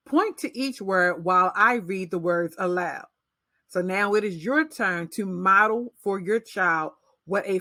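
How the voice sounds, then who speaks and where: A woman teacher explaining early reading skills to parents in a slow, deliberate instructional way. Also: medium pitch, a bit bright, no room sound. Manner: slow, deliberate modeling of read-aloud pacing.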